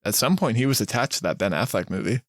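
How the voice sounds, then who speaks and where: A man's voice: lowish voice, expressive, fast talker, no room sound, studio quality. A man co-hosting a movie podcast, matter-of-fact and analytical about the plot. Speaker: podcast co-host. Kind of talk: casual movie discussion.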